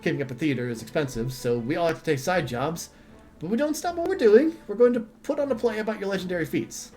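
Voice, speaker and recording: A man's voice: high voice, fast talker, faint music behind. A man voicing a bossy, theatrical old female dwarf who runs a theater troupe. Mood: chattering. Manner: chattering, theatrical, excitable.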